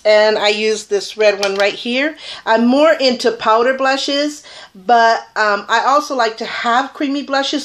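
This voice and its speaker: A woman's voice: on the high side, fairly bright tone, a little hiss or hum. A woman chatting casually through a makeup tutorial, rambling and enthusiastic about her products. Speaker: beauty vlogger.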